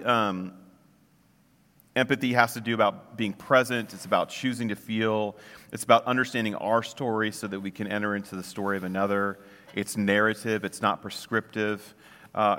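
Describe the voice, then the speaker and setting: Low-voiced man preaching in a reverberant hall. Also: fairly bright tone. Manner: conversational, searching, many restarts and fillers. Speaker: pastor. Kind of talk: casual sermon.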